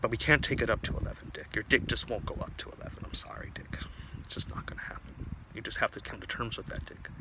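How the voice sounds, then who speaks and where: A man voicing a weary older male doctor in a told story, calm, patient and apologetic. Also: mid-range voice, fast talker, few pauses, background noise, natural voice. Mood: hushed. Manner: patient, soft-spoken, drifting to a hush.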